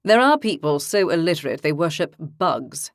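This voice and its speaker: A moody, stubborn young man with a low voice who speaks in emphatic, sulky bursts, as a woman narrator puts him on. The recording is close and dry. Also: animated, normal speed, no echo. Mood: scornful.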